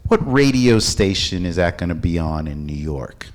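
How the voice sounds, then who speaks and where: A man's voice: deep voice, expressive, normal speed, voice pushed down. A man impersonating his former boss, an abusive film executive who barks insults and contempt. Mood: cold contempt.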